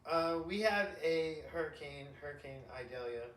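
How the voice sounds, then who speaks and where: Emphatic, bright-voiced man in casual chat. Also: a little high, lively intonation, normal speed, slight background noise. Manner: emphatic and slangy, rambling. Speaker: podcast host. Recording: echoey room, distant mic.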